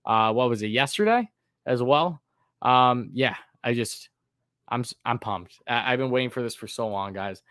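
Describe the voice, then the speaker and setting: A man hosting a live sports call-in stream, talking in a relaxed, fairly level way with frequent ums and uhs, at a medium pitch. He reads viewer comments aloud between his thoughts, and the sound is dry and close, with no room around it. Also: normal speed, clean tone, no echo. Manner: says his own voice sounds monotone; casual, many fillers, reads chat names aloud.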